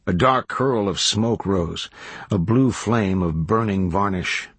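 Male audiobook narrator, very deep voice, husky, dry close sound, measured reading. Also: no room sound. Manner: measured, even storytelling. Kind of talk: scripted narration.

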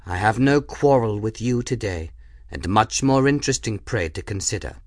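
A man voicing a vast ancient airship spirit that speaks calmly, with gentle amusement. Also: on the low side, normal speed, no echo, clean studio sound, natural voice. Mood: calm amused.

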